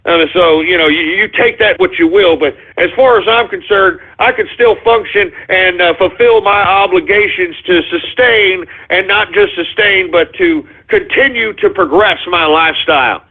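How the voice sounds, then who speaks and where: A man's voice: high-pitched, normal speed, hardly any pauses. A male radio show host in a ranting talk monologue, agitated and sarcastic, swearing as he goes. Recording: phone-like call-in radio audio.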